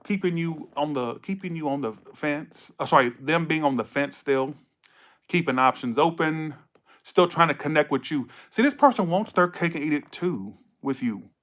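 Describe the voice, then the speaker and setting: A man's voice: fairly high pitch, lively intonation, moderate pace, fairly bright tone. A man giving a casual tarot reading to camera, blunt and profane, scolding viewers and repeating himself for emphasis. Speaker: tarot reader.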